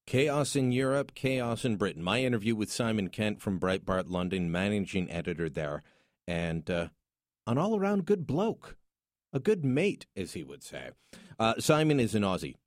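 A man's voice: low voice, lively intonation, moderate pace, no room sound, studio quality. A man hosting a talk radio show, speaking in an opinionated, jokey, conversational way. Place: radio studio.

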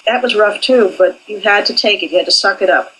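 Older woman, husky voice, candid, forthright, interview guest. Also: medium pitch, a little fast, fairly bright tone, poor audio. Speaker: animation professor, interviewee. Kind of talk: interview, recalling her training.

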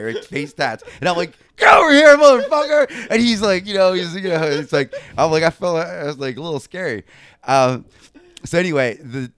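A young man co-hosting a podcast who tells a long anecdote in a casual, animated and profane way, full of fillers. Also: mid-range voice, clean tone, no room sound. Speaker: podcast co-host. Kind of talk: casual storytelling.

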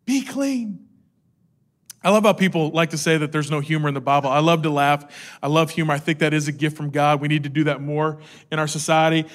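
A middle-aged pastor preaches a sermon in a high-ish, level voice at a quick pace. He tells the story with energy and acts out the quotes.

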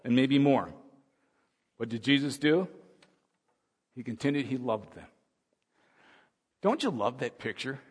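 A male pastor giving a sermon, swinging from soft musing to loud, urgent preaching. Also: medium pitch, animated, unhurried, pauses often, husky. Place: church hall. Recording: long hall reverb.

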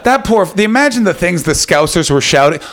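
A man doing crowd-work stand-up, loud, profane and teasing. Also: high voice, lively intonation, fairly quick. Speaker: stand-up comedian working the crowd. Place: small comedy venue with a live audience.

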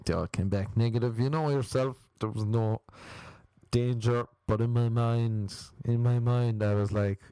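A man's voice: mid-range voice, steady tone, a little slow, warm tone, clean tone, no echo. A young Irish man doing a crude, rambling comic monologue, laughing at his own stories and slipping into mock voices. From Ireland. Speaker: comedian.

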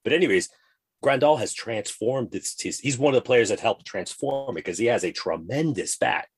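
A man's voice: mid-range voice, animated, moderate pace, slightly rough. A man co-hosting a podcast, chatting casually and rambling from tangent to tangent in a playful way. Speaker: podcast co-host.

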